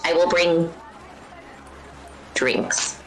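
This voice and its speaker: A woman's voice: on the low side, drawn-out words. A woman playing her character in a tabletop game, playful and childlike. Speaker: player. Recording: echoey room with clear noise.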